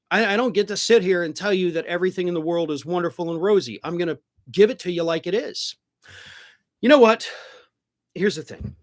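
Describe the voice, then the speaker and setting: A middle-aged man hosting a live political stream, reading viewer comments and answering them bluntly, swearing when he gets worked up. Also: sits high.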